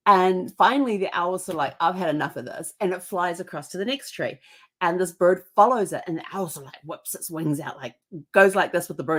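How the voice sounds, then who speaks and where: Woman podcast host, slightly low voice, casual rambling storyteller with lots of restarts. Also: fairly bright tone. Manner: rambling, with many restarts and fillers.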